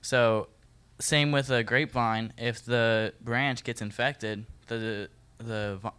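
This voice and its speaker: A man leading a Bible study for a group, reading verses and explaining them in a relaxed, joking way, talking straight to his listeners. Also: mid-range voice, slow, clean tone. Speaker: youth Bible study leader. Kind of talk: casual Bible teaching talk.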